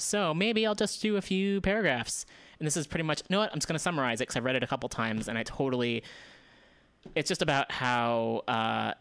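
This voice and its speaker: A man with a mid-range, fairly bright voice, recorded without echo, hosts a community radio show. He moves loosely through news items, adding commentary, asides and restarts.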